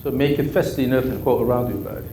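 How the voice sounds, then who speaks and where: This live golf coaching session features a Korean-accented man with a warm, mid-range voice and a quick pace. He feeds his student short, repeated cues during drills. The sound is echoey with faint ambience and a little hiss or hum.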